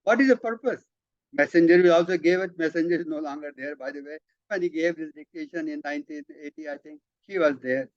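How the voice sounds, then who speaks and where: A man leading a spiritual study session, explaining emphatically with repeated words and halting restarts. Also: fairly high pitch, no echo. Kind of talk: explanatory talk, reading out and commenting. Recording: dull lo-fi, dry sound.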